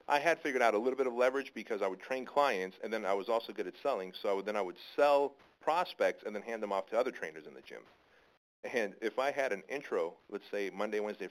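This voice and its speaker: A male interview guest unspools a long story in a relaxed, rambling way and keeps restarting his sentences. His voice sits a little low. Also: rough recording. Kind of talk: casual storytelling.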